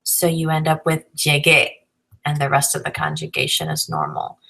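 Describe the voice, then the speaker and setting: A woman with a low voice and a gravelly edge gives a recorded lesson. She explains grammar patiently, step by step, and spells out letters along the way. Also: very animated, moderate pace, bright, forceful tone, rough recording. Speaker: Spanish teacher.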